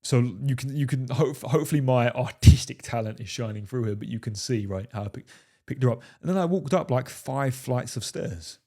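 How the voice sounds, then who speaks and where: A man with a warm, mellow tone and mid-range pitch talks straight to camera like a bold dating coach. He is cocky and profane, and keeps calling his listeners "fellas". Now and then he jokingly refers to himself in the third person. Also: fairly quick. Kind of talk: casual talking-head advice.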